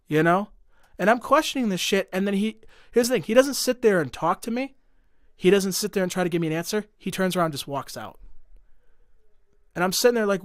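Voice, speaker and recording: A man's voice: on the high side, expressive, brisk, no room sound, studio quality. A young man telling a long personal story in a casual podcast chat, heated and profane, full of fillers and restarts. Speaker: podcast guest.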